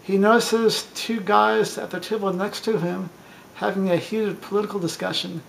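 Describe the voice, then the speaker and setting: A man runs through a list of bar jokes one after another, reading them in a plain storytelling way and tripping over a word now and then. His voice sits high with a gravelly edge. A faint hiss stays under the recording. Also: fairly even intonation, moderate pace, a bit bright, rough recording. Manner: plain storytelling delivery with small stumbles. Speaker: joke teller.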